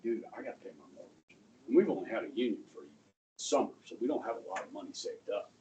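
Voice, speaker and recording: A middle-aged male high school history teacher telling a story to his class, checking in with "okay?" and acting out the people in it. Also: lively intonation, fast talker, dark tone, lo-fi sound. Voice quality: conversational, acts out quoted voices, asks "okay?" often. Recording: distant mic in a classroom, faint room noise.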